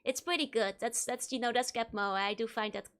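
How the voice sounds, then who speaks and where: A woman's voice: on the high side, fairly even intonation, brisk, a bit bright, clear, resonant tone. A woman streaming a game, chatting casually, greeting viewers and giggling often between remarks. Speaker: VTuber streamer. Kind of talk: casual let's-play commentary.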